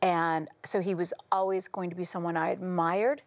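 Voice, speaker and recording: A middle-aged American woman, a talk show guest, telling stories with lively quoted voices and frequent laughter. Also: lowish voice, moderate pace. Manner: animated, acts out quotes, laughs often. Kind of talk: casual talk show storytelling.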